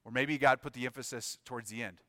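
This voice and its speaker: Bright-voiced man preaching a dramatic sermon. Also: mid-range voice, fairly even intonation, fast talker, dry recording, studio quality. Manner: dramatic, acts out voices of biblical figures. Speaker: pastor.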